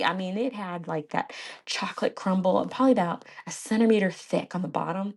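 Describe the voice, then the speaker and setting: Lower-voiced woman podcaster rambling casual, laughs a lot, says y'all. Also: fairly quick, vocal fry, a little mellow. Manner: chatty, laughs often, addresses listeners as y'all. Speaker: podcast host. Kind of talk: casual chat.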